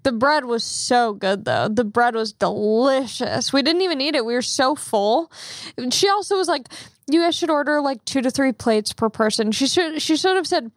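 A woman's voice: a little high, no room sound, studio quality. A young woman hosting a podcast, telling stories in a casual, chatty way and swearing freely. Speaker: podcast host. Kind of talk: casual chat.

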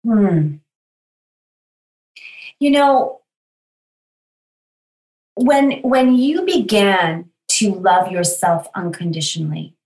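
A woman hosting a podcast interview, speaking in a slow, reflective, affirming way. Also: mid-range voice, roomy sound, low-quality recording. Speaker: podcast host. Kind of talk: interview conversation.

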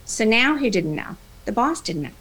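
Animated woman trainer giving a talk. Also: fairly high pitch, normal speed, breathy edge, rough recording. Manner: animated, plays both sides of dialogues. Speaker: speaker, workplace trainer. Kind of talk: motivational talk with acted-out dialogue.

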